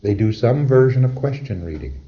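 A man's voice: mid-range voice, very animated, moderate pace, highs cut off. A man giving a conversational, wry lecture to trainees, acting out short exchanges as he goes.

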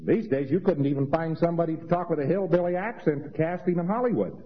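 A man's voice: a little high, fast talker, slight background noise. A man giving a rambling, conversational lecture with mocking asides. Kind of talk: informal lecture to an audience. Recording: dull lo-fi old recording in a reverberant hall.

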